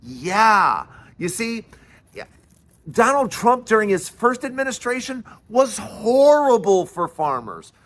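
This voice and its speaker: A man with a fairly high voice hosts his own political commentary, ranting with fiery scorn. He mocks his targets sarcastically and swears freely. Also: a bit bright. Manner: sarcastic, mocking and profane.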